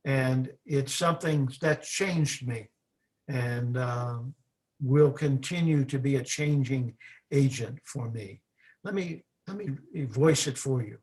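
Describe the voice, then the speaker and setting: A man giving a sermon in a slow, reflective way, pausing for effect and asking his listeners questions. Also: mid-range voice, a little mellow, poor audio. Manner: slow, reflective preaching with dramatic pauses. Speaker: minister.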